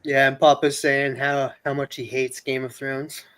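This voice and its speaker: A man's voice: mid-range voice, little pitch movement, moderate pace, a bit bright, clear, resonant tone, poor audio. A man chatting easily on a stream, with lots of fillers. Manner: easygoing, filler-heavy. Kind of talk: casual stream chat.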